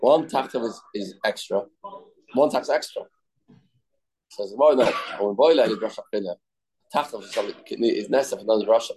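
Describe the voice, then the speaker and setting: Man giving a halting Talmud lesson. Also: on the low side, darkish tone. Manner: reads and translates text, quick, halting restarts. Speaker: Talmud teacher. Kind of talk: daily Talmud study lesson.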